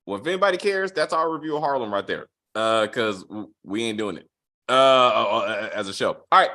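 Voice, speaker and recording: A man's voice: lowish voice, animated, a little fast, sharp tone. A man hosting a casual chat review, hesitant and blunt in his opinions. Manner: hesitant, many fillers and restarts, blunt. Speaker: host.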